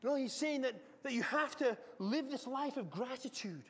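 High-voiced middle-aged pastor in a reverberant hall. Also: male voice, lively intonation, normal speed. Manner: dramatic storytelling, swinging from loud to hushed. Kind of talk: sermon. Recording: long reverb of a large hall.

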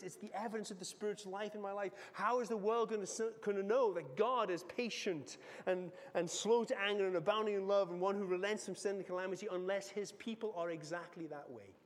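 A middle-aged man preaching a sermon as a pastor, telling the story dramatically and swinging between loud and hushed delivery. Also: high-pitched. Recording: long reverb of a large hall.

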